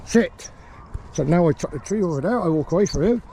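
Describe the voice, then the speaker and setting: Calm dog trainer outdoors. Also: male voice, on the high side, very fast, a little hiss or hum. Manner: calm explaining, with sharp shouted commands to a dog. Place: small grass sports field outdoors.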